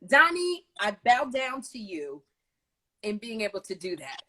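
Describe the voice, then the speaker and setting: A woman hosting a casual live video chat, telling lively stories over a video call. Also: a little high, unhurried. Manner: animated storytelling, lively retellings. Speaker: host.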